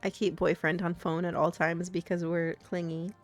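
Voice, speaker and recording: A woman's voice: on the low side, little pitch movement, moderate pace, faint music behind. A young adult woman streaming a game, chatting casually in a playful, giggly way. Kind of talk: casual chat while gaming.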